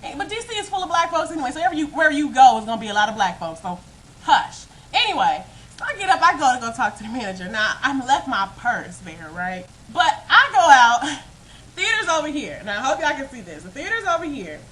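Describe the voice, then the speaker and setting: A woman vlogger telling a story to her webcam in a casual, animated and emphatic way. She often breaks into laughter and speaks straight to her viewers. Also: high voice, fast talker, a little hiss or hum, rough recording. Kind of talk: casual storytime monologue to camera.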